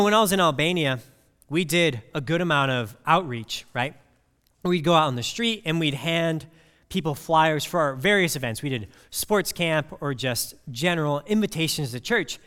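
A man preaches a sermon in a church sanctuary, his fairly high voice rising and falling with lively swings. He talks in a conversational way and weaves personal stories into the scripture. A long hall reverb trails after his words. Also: clean tone.

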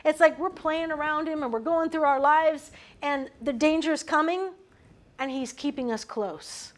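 A woman leading a Bible study, teaching in an animated way and putting questions to her group. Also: high-pitched, measured pace.

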